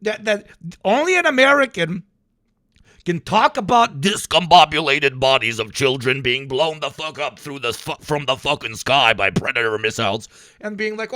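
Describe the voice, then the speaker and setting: A man streaming commentary on news clips, mocking them with heavy swearing, laughter and sudden shouted put-on voices. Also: on the high side, animated, normal speed. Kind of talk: profane satirical livestream commentary.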